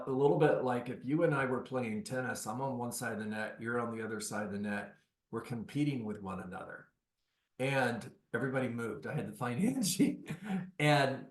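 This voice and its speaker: Man coaching directly over an echoey video call. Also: mid-range voice. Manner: instructive, direct. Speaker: real estate coach. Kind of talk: coaching session.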